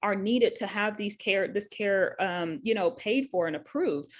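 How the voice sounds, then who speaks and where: A woman's voice: medium pitch, unhurried. Chatty woman nurse co-hosting a call. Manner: chatty, casual, with frequent fillers and little laughs. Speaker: nurse and co-host. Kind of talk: explaining a bill in an online office hours talk.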